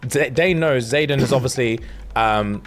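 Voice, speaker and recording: A young man, casually retelling a book's plot on a podcast in animated, slangy talk. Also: medium pitch, measured pace, soft background music. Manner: slangy, animated, acts out characters. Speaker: podcast co-host.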